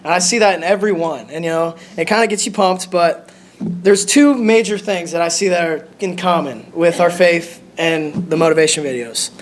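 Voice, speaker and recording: A young man giving a short lesson in a church sanctuary, speaking in a nervous, halting way and restarting his sentences often. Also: a little high. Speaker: lay preacher.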